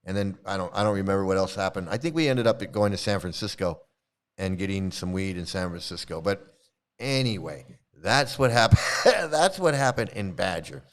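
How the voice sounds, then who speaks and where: A man's voice: deep voice, animated, moderate pace. A middle-aged man casually telling a rambling story as a video host, chuckling and restarting often. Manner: rambling, chuckling, restarts, mimics people he quotes. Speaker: commentary video host, former devotee.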